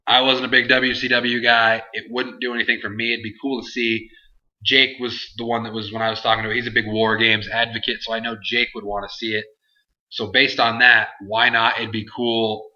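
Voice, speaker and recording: A man's voice: medium pitch, little pitch movement, fairly quick, bright, forceful tone, highs cut off. A man hosting a casual Q&A vlog, answering viewer questions in a rambling, self-interrupting way. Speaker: host.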